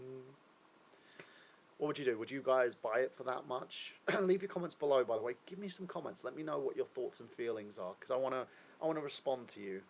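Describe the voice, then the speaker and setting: A man's voice: mid-range voice, vocal fry, a little hiss or hum, low-quality recording. A man hosting a live stream, chatting casually and rambling through his opinions while asking viewers questions; he sounds a little unwell.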